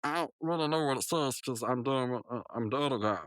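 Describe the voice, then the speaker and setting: A man co-hosting a podcast, recapping a cartoon episode in a halting, stumbling way. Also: medium pitch, fairly bright tone, clean tone, no echo. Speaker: podcast co-host.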